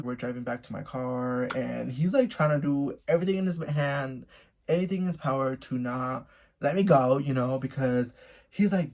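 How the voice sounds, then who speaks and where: Gravelly young man telling a gossipy story. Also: medium pitch, normal speed. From Mexico. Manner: animated, gossipy, swears and laughs often. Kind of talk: casual story time.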